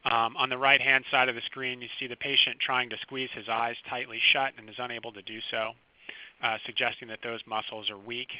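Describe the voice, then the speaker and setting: A man, a physician, giving a recorded medical lecture over slides, explaining clinical signs in a calm, teaching manner. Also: medium pitch, a little fast, no room sound. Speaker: physician lecturing first responders. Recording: dry, slightly dull close recording.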